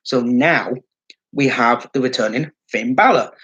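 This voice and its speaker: A man's voice: medium pitch, measured pace, fairly bright tone, muffled recording. Rambling, profane guy. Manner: rambling and profane, lots of fillers. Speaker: wrestling fan vlogger. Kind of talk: casual solo commentary.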